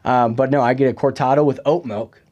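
A man's voice: mid-range voice, steady tone, a little fast, a little mellow, highs cut off. A young man hosting a casual podcast chat, joking and rambling with plenty of fillers. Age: young adult. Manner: chatty, joking, full of fillers. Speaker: podcast host.

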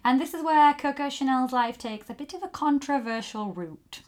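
A woman's voice: high-pitched, normal speed. A woman co-hosting a podcast, telling a story in casual chat with giggly asides. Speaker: podcast co-host.

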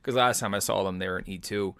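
A man's voice: low voice, fairly even intonation, quick pace, a bit bright, smooth, no room sound. A man in his thirties telling personal army stories in a laid-back, self-deprecating, rambling way. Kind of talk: personal storytelling.

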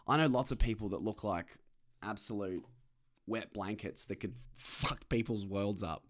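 A man rambles to camera in a loose solo monologue. He swears freely, pokes fun at himself, and breaks into laughs. His voice sits on the lower side. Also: unhurried. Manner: rambling, sweary, self-mocking, laughs often. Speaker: vlogger.

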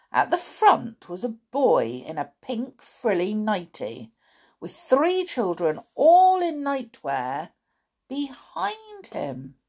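Brief: woman storyteller, dramatic children's book reading, very lively pitch. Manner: expressive, dramatic.

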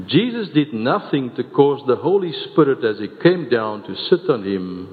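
A man's voice: mid-range voice, big pitch swings, moderate pace, hardly any pauses. A man from South Africa preaching a sermon, earnest and repeating words as he builds each point. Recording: tinny phone-like sound, long hall reverb.

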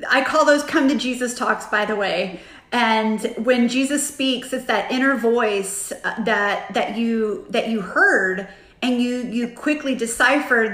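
Brief: woman host, reflective faith talk, halting delivery, higher voice. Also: a bit bright. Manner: reflective, halting, restarts often. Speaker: podcast host. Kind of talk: faith-based conversation. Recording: roomy echo.

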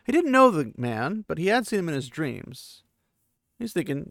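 A man's voice: medium pitch, big pitch swings, normal speed, gravelly, fairly bright tone, dry recording, studio quality. A man hosting a podcast, casually retelling a novel chapter in loose, chatty paraphrase with fillers. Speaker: podcast host.

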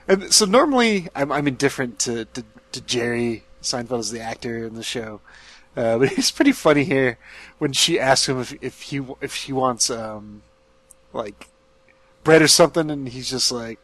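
A man's voice: mid-range voice, lively intonation, normal speed, a bit bright, no room sound. A man co-hosting a casual chat, hesitant and searching for words. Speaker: podcast co-host.

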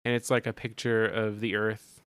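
Low-key podcast co-host man. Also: flat delivery, moderate pace, a bit bright, clear, resonant tone, dry recording. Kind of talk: casual chat recapping an episode.

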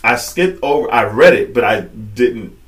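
A man's voice: medium pitch, a little slow. A man co-hosting a podcast, telling a weekend story in casual chat and acting out what people said. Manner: animated storytelling, acts out quotes. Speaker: podcast co-host.

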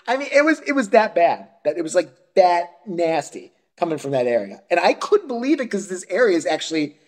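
A man's voice: sits high, sing-song, fairly quick, a little mellow. A man co-hosting a podcast, ranting crudely and profanely in casual chat, often breaking into laughter. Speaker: podcast co-host.

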